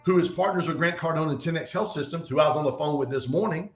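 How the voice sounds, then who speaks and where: A man speaking as a guest in a casual podcast conversation, talking in an animated, fast, motivational way. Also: a little high. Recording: echoey room.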